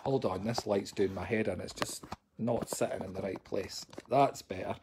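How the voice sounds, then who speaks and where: A man's voice: fairly low pitch, normal speed, noisy background. A man, a psychic medium, chatting cheekily and jokily to viewers on a live stream from his sofa at home into a phone. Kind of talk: casual live-stream chat.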